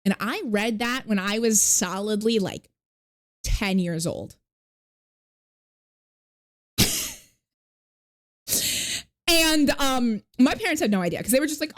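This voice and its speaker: A woman's voice: fairly high pitch, lively intonation, slow, pauses often. Rambling casual woman streamer. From not New York. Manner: rambling, filler-heavy, swears, thanks followers. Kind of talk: casual live-stream chat.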